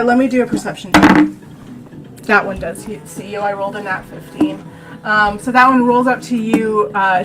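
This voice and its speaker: A woman with a higher voice runs a tabletop game on a stream, taking her time over each call. She chats and jokes, often poking fun at herself. Faint dramatic music plays behind her. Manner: chatty, jokey and self-mocking. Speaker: game master.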